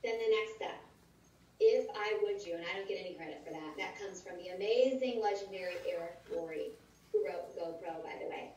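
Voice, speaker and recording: A woman giving a conversational training talk at a conference, lively and often acting out sample lines. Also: lowish voice, a little fast. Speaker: sales trainer. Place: large conference room. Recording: roomy echoey hall, distant dull mic.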